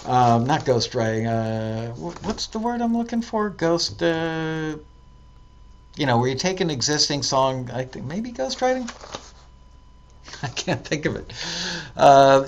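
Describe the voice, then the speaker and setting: A man's voice: mid-range voice, lively intonation, measured pace. A male host with a mid-range voice reads listener tips aloud on a live stream. He breaks off often to comment, hunt for a word or correct himself, filling gaps with ums. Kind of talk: casual live-stream talk.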